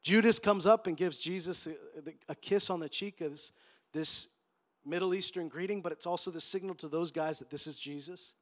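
A man preaching a sermon in an animated way, acting out the quotes with joking asides. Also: sits high, normal speed. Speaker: pastor.

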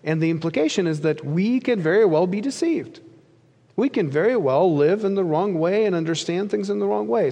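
A man preaching a sermon as pastor, earnest, rising for emphasis and sinking low at the ends of phrases. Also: darkish tone. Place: church sanctuary. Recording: long reverb of a large church hall.

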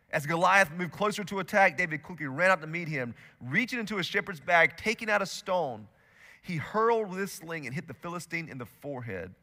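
A man preaching a sermon as a pastor, telling a story in a lively way and acting out its quotes. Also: fairly high pitch, brisk, big-room sound. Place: church auditorium.

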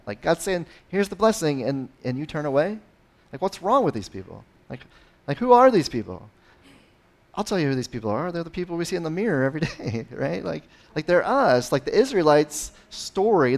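Preaching with a chatty, conversational feel, this male pastor lets his loudness and pitch swell and dip, often adding a quick "right?"

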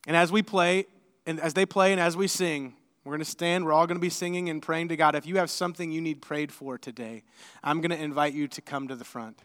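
A middle-aged man preaching as a pastor, telling a personal story in a conversational, animated way before leading prayer. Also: a little high, a little fast, clear, resonant tone. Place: church sanctuary. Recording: church hall with long reverb.

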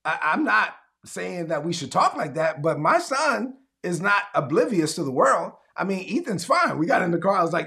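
A man preaching a sermon as pastor, animated and acting out conversations, calling on listeners to respond. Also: high-pitched, moderate pace, gravelly, few pauses. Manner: animated, acts out conversations in his own voice; calls for audience responses.

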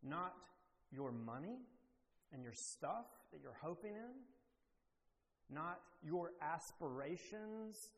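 A man's voice: on the high side, animated. Emphatic male preacher in an echoey hall. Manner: emphatic, rising to forceful declarations with slow deliberate pauses. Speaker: pastor. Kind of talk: sermon.

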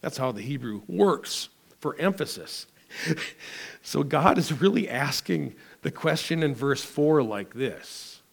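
A male pastor preaching a sermon, emphatic and dramatic, swinging between loud declarations and quiet asides. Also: medium pitch, animated, slow, gravelly, breathy edge.

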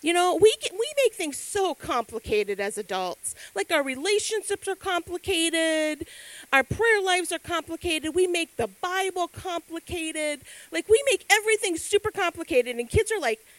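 A middle-aged woman giving a sermon, telling stories with lively acted-out quotes. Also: very high-pitched, normal speed, no echo, rough recording. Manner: animated storytelling with acted quotes. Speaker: speaker.

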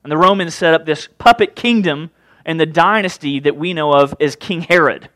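A male preacher giving a sermon, retelling a scripture story in a casual, joking, animated way. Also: fairly high pitch, normal speed, dry recording.

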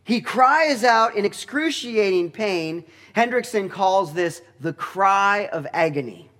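A man teaching through a Bible passage in a deliberate, explanatory way, with touches of dry humor. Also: high voice, lively intonation, fairly bright tone.

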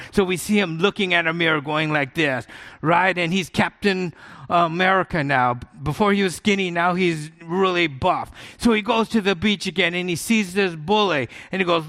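An older man preaching a sermon, telling a story with lively acted-out voices and self-mocking humor. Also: high voice, normal speed. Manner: animated, acts out comic-strip voices, self-mocking humor. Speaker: pastor.

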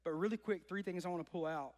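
A young man with a high-pitched voice delivers a casual, conversational sermon, tossing rhetorical questions out to his listeners. His voice rings with a long reverb, as if it were recorded in a large hall. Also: fast talker, darkish tone. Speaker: preacher.

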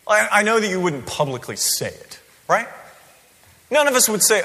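Guy preaching in a church, talky and animated, highish bright voice with long hall echo. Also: moderate pace, pauses often. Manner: conversational, animated, frequent rhetorical "right?". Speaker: pastor. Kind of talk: sermon.

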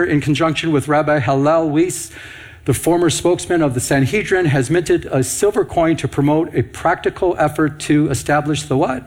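A man's voice: fairly high pitch, darkish tone. A middle-aged man preaching on Bible prophecy, reading headlines and scripture and asking the audience rhetorical questions. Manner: asks rhetorical questions to the audience, reads news headlines aloud. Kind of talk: prophecy teaching sermon.

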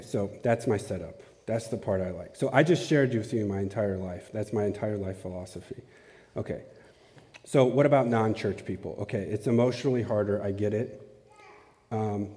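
Male preacher, relaxed and conversational, asks the room questions, mellow tone. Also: medium pitch. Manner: casual, asks the audience questions. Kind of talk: conversational sermon. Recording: long hall reverb.

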